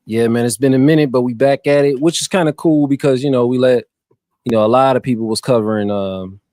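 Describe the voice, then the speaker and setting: A man's voice: mid-range voice, fast talker, dry recording, studio quality. Casual man hosting a movie podcast. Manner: relaxed, slangy, stumbles over names. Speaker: podcast host. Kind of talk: casual movie-review chat.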